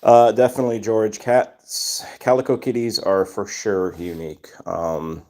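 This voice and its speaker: Low-voiced man chatting on a livestream. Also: flat delivery, unhurried, darkish tone. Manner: reads chat names aloud and greets viewers. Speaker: livestream host. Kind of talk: casual livestream chat.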